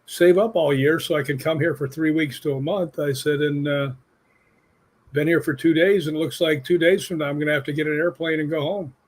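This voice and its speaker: The man, from the United States, speaks a little fast in a voice on the high side. Guesting on an interview show as a stunt coordinator and paranormal investigator, he relates casual stories animatedly, impersonating the people involved.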